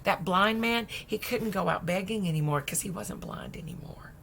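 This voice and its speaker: A woman preacher retelling a Bible story in a lively, conversational sermon, dropping at times into soft whispers. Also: medium pitch, normal speed, vocal fry, a little hiss or hum. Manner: lively, acts out voices, drops to whispers.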